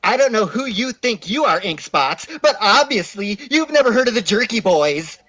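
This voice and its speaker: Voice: mid-range voice, sing-song, normal speed, a bit bright, dry recording, rough recording. A performer putting on a smug prank-caller-style voice while trading insults on a livestream call. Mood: defensive. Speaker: livestream guest. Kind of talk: mock prank-call bickering.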